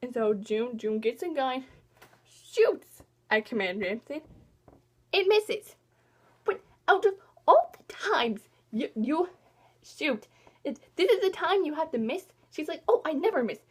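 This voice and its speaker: A woman with a high, bouncy voice chats about a book, gushing and rambling in a loose, excitable way. Her pitch leaps all over as she jumps between thrilled and annoyed, never settling into a flat delivery. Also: slow pace. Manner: animated swings between loud and soft. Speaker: book vlogger. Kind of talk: casual book review chat.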